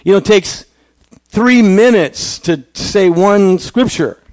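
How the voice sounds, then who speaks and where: A man's voice: high-pitched, takes it slowly, darkish tone, dry recording. A male pastor giving a conversational sermon, asking the congregation questions.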